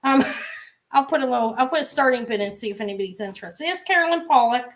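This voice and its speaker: A middle-aged woman with a somewhat high voice talks loosely and warmly as she runs a live jewelry sale. She rambles from piece to piece with fillers and little asides. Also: animated, fast. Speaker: live jewelry auction seller. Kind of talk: casual live-stream selling chat.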